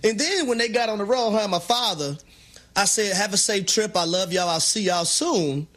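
A man co-hosting a sports talk show, telling stories in an animated, preacher-like way. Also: high-pitched, moderate pace. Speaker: sports radio co-host.

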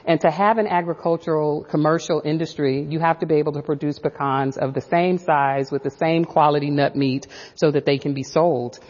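Low-voiced, reflective woman professor. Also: steady tone, a little fast, hardly any pauses, darkish tone, long reverb tail, dull audio. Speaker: professor and author. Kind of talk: radio interview.

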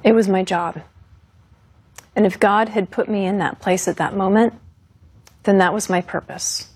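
Husky woman recalling a fighter pilot mission. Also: medium pitch, normal speed, no echo. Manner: earnest, steady and resolute. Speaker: former fighter pilot, interviewee. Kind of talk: recounting interview.

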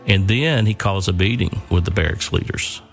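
Older guy, deep gravelly voice, earnest halting storytelling. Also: soft background music. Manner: earnest, halting with repeated words. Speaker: son telling his father's war story.

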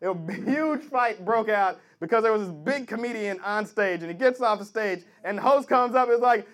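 A man performing stand-up comedy, telling a rambling, animated story. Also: very high voice, a little fast, few pauses. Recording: live audience laughter in a comedy club. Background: audience laughter.

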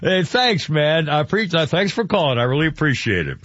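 Male radio host, animated and loose, slightly husky, lo-fi broadcast sound. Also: a little high, normal speed, dry recording. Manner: rambling, laughs easily, lively. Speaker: radio talk show host. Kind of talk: casual radio chat.

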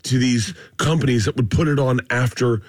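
A man's voice: mid-range voice, normal speed, no room sound, clean studio sound. A man telling stories in casual chat, acting out the people he quotes. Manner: animated, acts out quotes in funny voices. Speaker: comedian guest. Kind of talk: casual podcast storytelling.

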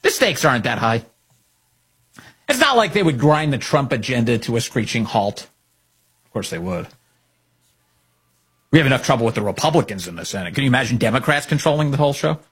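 A man's voice: medium pitch, very animated, quick pace, a bit bright, slightly rough. A man hosting opinionated political commentary, talking in a sarcastic, mocking way.

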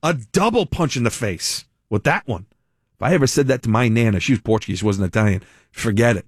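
A man hosting a talk radio show, reading news quotes aloud and adding lively asides. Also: medium pitch, fast, no echo, clean studio sound.

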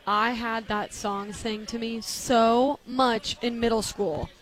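A woman's voice: fairly high pitch, steady tone, slow pace, low-quality recording. A young woman chatting on a radio panel and telling a story in an amused way. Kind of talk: casual chat.

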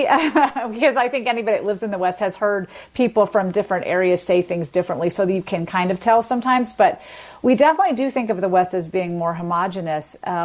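A woman speaking as a linguist guest, walking through technical points in a fluent, lecturing manner. Her voice sits at a middle pitch for a woman. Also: darkish tone. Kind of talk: explanatory interview talk.

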